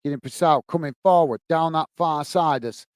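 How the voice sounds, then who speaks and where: A man hosting a football watch-along, commentating on the match and chatting warmly with viewers in the chat. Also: on the high side, normal speed, dry recording. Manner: chatty, says "mate" a lot, reads chat messages aloud.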